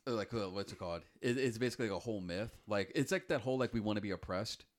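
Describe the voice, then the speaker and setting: A young man with a fairly low voice co-hosts a casual podcast. He rambles along, packing his talk with "like" and "you know" and restarting his sentences. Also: fast talker. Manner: rambling, many fillers and restarts. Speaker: podcast co-host. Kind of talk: casual chat.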